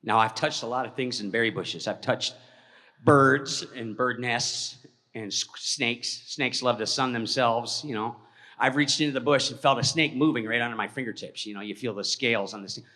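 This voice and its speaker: A man's voice: mid-range voice, moderate pace, pushed and bright. A man telling a personal story live to an audience in a folksy, conversational way, often checking in with "okay?", his voice fading as he moves away from the mic. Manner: moves around while talking, voice fades as he walks off. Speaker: presenter telling an encounter story. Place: large hall with audience. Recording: echoey hall, speaker drifting off mic.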